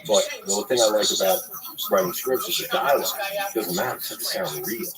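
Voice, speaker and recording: A man's voice: on the low side, fairly quick, poor audio. A man, a TV writer, talking in a casual chat, rambling and swearing freely. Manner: profane, rambling, animated. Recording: loud crowd chatter behind.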